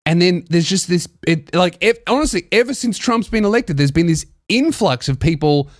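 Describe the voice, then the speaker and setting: Young guy on a podcast mic, sarcastic sweary rant, kinda high voice, dry sound. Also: lively intonation, normal speed, no room sound. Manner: sarcastic, profane, mocking. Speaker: podcast host. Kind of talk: ranting comedic monologue.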